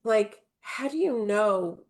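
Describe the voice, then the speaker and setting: Slow-talking gravelly woman host. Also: medium pitch, animated. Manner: probing, supportive interviewer. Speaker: podcast host. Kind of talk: casual interview.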